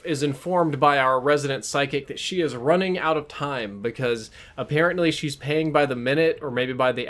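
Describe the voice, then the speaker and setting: Amused man telling a story. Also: a little high. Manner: animated, amused, self-mocking. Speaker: vlogger. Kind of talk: casual storytelling to camera.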